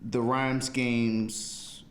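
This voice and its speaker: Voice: mid-range voice, flat delivery, very slow. A podcast co-host in casual chat, giving dry, plainspoken opinions.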